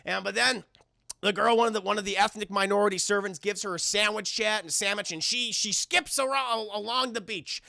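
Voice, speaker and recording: Casual: guy ranting a movie recap at his chat, gravelly voice, bright tone, dry close mic. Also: high voice, brisk, no room sound. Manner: animated, profane, addresses chat constantly. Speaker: film reviewer streaming to chat. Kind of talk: casual spoiler review talk.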